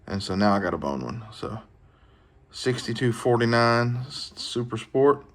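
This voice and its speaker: A man hosting a knife collecting vlog, talking in a relaxed, folksy way as he shows off mail he received. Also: mid-range voice, measured pace. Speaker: knife collecting channel host. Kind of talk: casual show-and-tell vlog.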